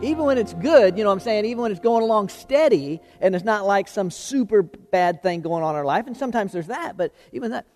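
A man's voice: high-pitched, expressive, brisk, few pauses, a little mellow, big-room sound, faint music behind. A man preaching a sermon as pastor, chatty and conversational, asking the congregation questions and repeating words as he finds them.

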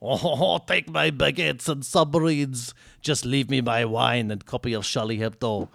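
A man's voice: medium pitch, steady tone, a little slow, creaky, a bit bright, dry recording, clean studio sound. A man putting on a bad fake French accent. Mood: mock pleading. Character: mock Frenchman, surrendering, melodramatic.

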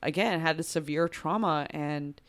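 A woman's voice: deep voice, moderate pace. A woman, a podcast guest, earnestly explaining events with hesitant 'like' fillers. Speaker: guest, officer's wife. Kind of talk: casual conversational recounting.

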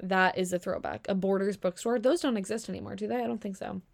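A woman from the American South with a Southern accent, talking casually in a middle pitch. She reads out customer stories and reacts with sarcasm and free swearing, in a chatty vlogger's way. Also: quick pace, vocal fry. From Southern Virginia. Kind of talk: casual commentary reading stories.

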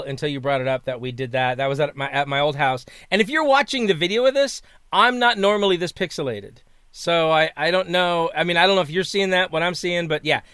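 A man with a smooth, clear voice pitched a little high, talking casually as a guest co-host. He rambles, restarts his sentences and slips in dry, deadpan jokes. The sound is dry and close, with no room echo. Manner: rambling, self-interrupting, playful deadpan jokes. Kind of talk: casual chat.

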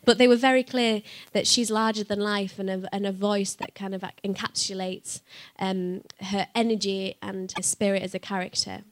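A woman's voice: medium pitch, steady tone, normal speed, hardly any pauses. A woman voice actor answering audience questions on a live panel, chatty and playful, laughing often. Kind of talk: casual panel Q&A.

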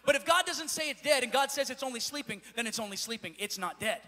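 A man pastor preaching a sermon in a church, with a repetitive, building cadence that rises to shouts. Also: extremely high pitch, expressive, quick pace, hardly any pauses. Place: church sanctuary. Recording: echoey church hall.

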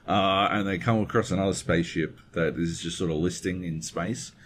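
Male podcast co-host, very low voice, profane and digressive, faint background hiss. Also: fairly even intonation, normal speed. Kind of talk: casual chat. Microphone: webcam setup at home desk.

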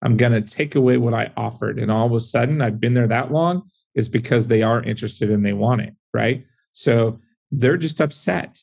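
Gravelly-voiced man giving frank advice. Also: mid-range voice, a little fast, hardly any pauses, a little mellow. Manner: confident, explaining with stories and "right?" asides. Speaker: guest, real estate investor and former police officer. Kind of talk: casual podcast conversation.

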